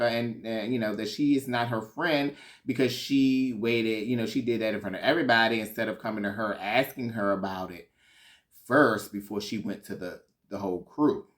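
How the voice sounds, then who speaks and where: A man's voice: lowish voice, moderate pace. A man giving a sassy, gossipy recap of a reality show, swearing freely. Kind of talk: casual recap commentary.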